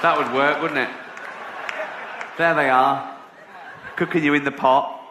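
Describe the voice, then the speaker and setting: A man's voice: a little high, steady tone, a little slow, crowd noise. A middle-aged man from England, doing brash, profane stand-up storytelling. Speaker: comedian. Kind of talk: stand-up comedy. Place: live comedy venue. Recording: echoey live venue with room noise.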